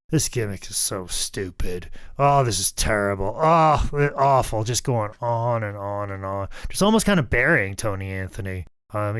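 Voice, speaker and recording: A man's voice: fairly low pitch, clean tone, dry recording, clean studio sound. A man co-hosting a podcast, telling stories casually, swearing freely and acting out quotes. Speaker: podcast co-host. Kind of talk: casual storytelling chat.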